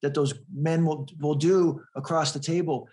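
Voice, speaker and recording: A man's voice: on the high side, fairly even intonation, moderate pace, darkish tone. A man in an interview telling a personal story earnestly, often repeating words as he builds toward the point. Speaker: guest.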